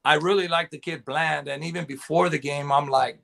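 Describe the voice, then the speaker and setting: A man talking as a guest in a casual chat, excited and rambling. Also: fairly high pitch, fairly quick, vocal fry, slight background noise. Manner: excited, rambling fan talk. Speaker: podcast guest.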